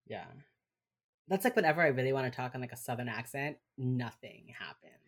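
Podcast co-host, woman, Miami accent, unusually low voice, casual and profane. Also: expressive, brisk. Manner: swearing, chatty, slips into quoted voices while retelling. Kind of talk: casual chat recapping a show.

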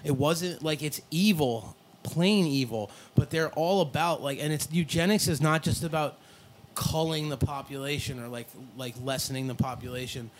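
A man's voice: a little high, moderate pace, slight background noise. Rambling, swearing man hosting a podcast. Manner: rambling, profane, laughs often. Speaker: podcast host. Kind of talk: casual chat.

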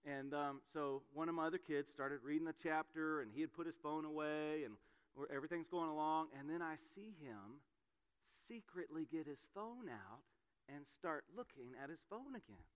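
Conversational preacher in a reverberant church. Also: male voice, a little high, moderate pace, clear, resonant tone. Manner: conversational storytelling with fillers. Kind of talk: sermon. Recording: long hall reverb.

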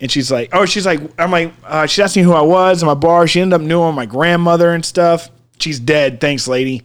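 Guy, 30s, podcast co-host; rambling, laughing storyteller, slightly higher voice. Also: fairly quick, clean tone. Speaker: podcast co-host, bar owner. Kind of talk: casual chat.

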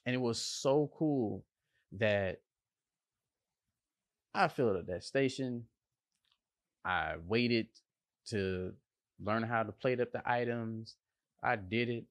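An animated man talking in a casual motivational monologue, slangy and playful, with bursts of emphasis and sound effects. He speaks at an unhurried, drawn-out pace, in a mid-range voice. The recording is close and dry, with no room echo. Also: medium pitch. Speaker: line cook sharing a motivational story.

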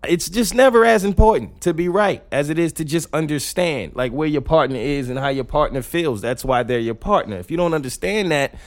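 A man's voice: on the high side, brisk, few pauses. A young adult man hosting a podcast, telling stories in a casual monologue and laughing through them. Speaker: podcast host.

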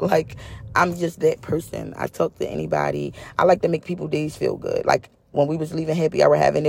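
A woman's voice: deep voice, creaky, darkish tone, a little hiss or hum. A woman vlogger telling a story in a chatty, casual way, repeating phrases for emphasis.

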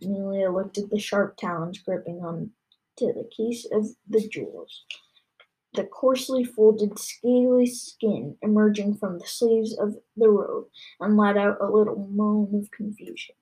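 A woman narrating a children's novel in an expressive storytelling way. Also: medium pitch, a little slow, poor audio. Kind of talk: audiobook reading of a children's novel.

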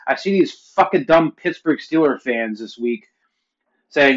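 A man in his forties from Pennsylvania, ranting casually and profanely to his viewers, his voice growing loud and heated. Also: animated, a little slow, highs cut off. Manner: profane, heated ranting that climbs louder and higher. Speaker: vlogger. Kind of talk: casual rant to camera.

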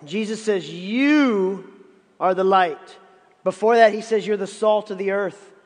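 Man, fifties, pastor preaching, high voice, emphatic, repeats words, long church reverb. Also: unhurried. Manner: emphatic, repeats words when stressing a point. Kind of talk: sermon. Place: church sanctuary.

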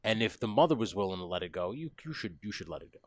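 A man's voice: lowish voice, sing-song, racing, dry recording, clean studio sound. A man co-hosting a casual chat, teasing and swearing freely. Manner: teasing, swears freely, mocks in put-on voices. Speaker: podcast co-host.

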